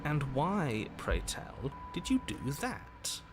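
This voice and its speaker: A man's voice: on the high side, wildly swooping pitch, slow pace, very noisy, exaggerated voice. An actor playing a weary, exasperated male game narrator, dry and sardonic, at times pleading. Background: game music.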